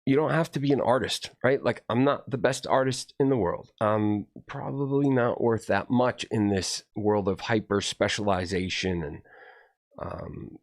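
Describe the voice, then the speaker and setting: A video host talks to camera in a rambling, profane monologue, shifting between low muttering and heated outbursts. He speaks a little slowly.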